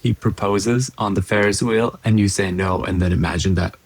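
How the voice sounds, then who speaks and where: A man's voice: on the low side, steady tone, moderate pace, slight background noise, low-quality recording. A man co-hosting a podcast, chatting casually and teasing playfully. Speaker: podcast co-host. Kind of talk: casual chat.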